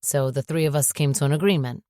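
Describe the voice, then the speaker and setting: A woman narrator voicing a tender, gently amused man in an audiobook, speaking softly. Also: low-pitched, fairly even intonation, fast talker, no room sound, clean studio sound, lightly acted.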